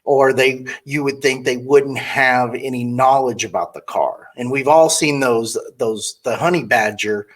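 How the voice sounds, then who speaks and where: A man's voice: mid-range voice, measured pace, hardly any pauses. A man hosting an interview, talking bluntly and rambling, often acting out quoted customers in different voices. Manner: blunt, candid opinions. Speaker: podcast host interviewing a car saleswoman. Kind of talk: casual interview chat.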